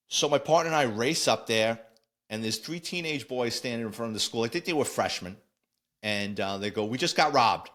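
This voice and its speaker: Blunt New ex-cop telling stories. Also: male voice, medium pitch. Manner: animated, blunt, acts out quoted voices. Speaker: former police officer, podcast host. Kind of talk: casual anecdote storytelling.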